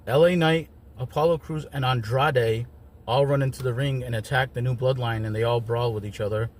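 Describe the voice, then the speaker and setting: A man giving a casual solo review of wrestling shows, chatty and wry, with lots of ums and joking asides. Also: mid-range voice.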